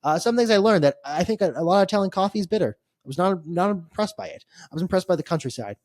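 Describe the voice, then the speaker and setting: A man's voice: high-pitched, fast, no echo, clean studio sound. An American man, a young adult, co-hosting a podcast and telling a trip story in casual chat, laughing and restarting his sentences. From United States. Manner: animated, laughing storyteller with filler-heavy restarts. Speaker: podcast co-host.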